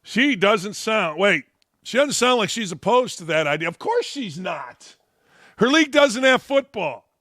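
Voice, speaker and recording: A man's voice: sits high, big pitch swings, a little slow, fairly bright tone, no echo, clean studio sound. A middle-aged man hosting a sports talk show, ranting bluntly and profanely about the news.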